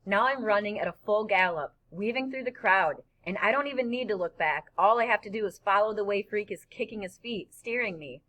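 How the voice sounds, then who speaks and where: Lady narrating a book, first person, lively and bright. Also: medium pitch, brisk, few pauses, poor audio. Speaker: audiobook narrator. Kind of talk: scripted narration.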